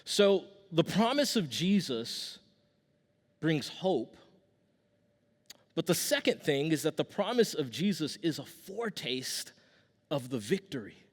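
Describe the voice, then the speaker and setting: A man's voice: a little high, sing-song, slow, long pauses. A man in his thirties preaching a sermon as pastor, telling stories conversationally with restarts and a casual "y'all". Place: church sanctuary with long reverb. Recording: long hall reverb from a church.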